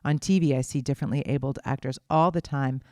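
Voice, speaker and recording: A panel moderator with a medium-pitched voice keeps things moving, enthusiastic and playful. The recording is dry and close. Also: fairly even intonation, quick pace, darkish tone, no echo. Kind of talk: panel discussion.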